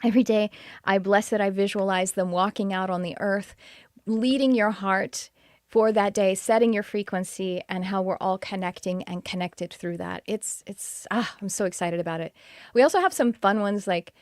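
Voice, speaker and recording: A woman's voice: mid-range voice, moderate pace, a little mellow, no echo. Chatty woman, dry sound. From Texas. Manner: chatty, enthusiastic, with frequent restarts and laughs. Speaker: podcast host and spiritual teacher. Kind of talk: casual live-stream chat.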